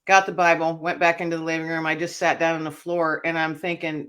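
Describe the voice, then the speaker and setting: A woman's voice: low voice, fairly quick. Earnest woman recounting her story. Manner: earnest, reflective storytelling, often dropping quiet. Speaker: author and speaker, interview guest. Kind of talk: personal testimony in an interview.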